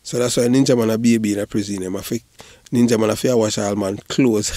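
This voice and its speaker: A man's voice: fairly low pitch, steady tone, quick pace, warm tone, no echo. A man with a Jamaican accent giving rambling, casual patois commentary, often repeating "you know". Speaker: online commentator.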